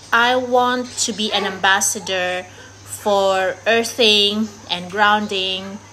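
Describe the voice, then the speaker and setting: A Filipino woman whose first language is Tagalog speaks in a high-leaning, sharp voice, her Filipino accent mixed with American, British and Australian traces. She's a vlogger talking casually to camera, rambling candidly and laughing often. The recording is rough, with slight background noise.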